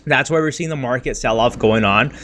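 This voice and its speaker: Medium in pitch, a bit bright, and fairly quick, this man livestreams a casual rant about crypto trading and his losses. His frustrated market talk is blunt and slangy, peppered with "freaking," "bro," and "dude."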